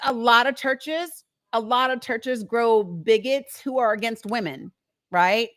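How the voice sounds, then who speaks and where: A high-voiced woman with a Southern American accent hosts a live show, speaking bluntly and cursing freely. She laughs often and talks straight to her viewers as y'all. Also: a little slow, fairly bright tone. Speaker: talk show host. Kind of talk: live-stream commentary.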